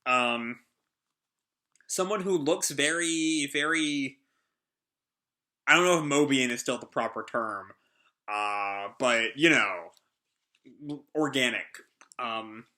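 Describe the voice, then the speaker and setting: Bright, rambling male comic reader. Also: mid-range voice, slow pace, long pauses. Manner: rambling, lots of fillers. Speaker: comic reaction host. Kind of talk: live comic read-through commentary.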